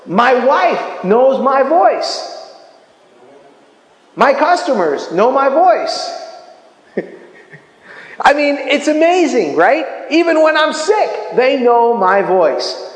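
A middle-aged man preaching in a lively, conversational way, cracking jokes and laughing along with his own stories. His voice sits high for a man. The sound rings with a long echo, as if it was picked up from across a church hall. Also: slow pace, pauses often. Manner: animated, chatty, jokes and laughs often. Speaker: pastor. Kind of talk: sermon.

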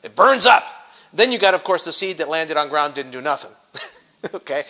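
A middle-aged man teaches a Bible study in a loose, animated way. His voice sits high and rings bright and sharp. He stumbles and restarts often and slips into acted-out grumbling voices. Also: normal speed.

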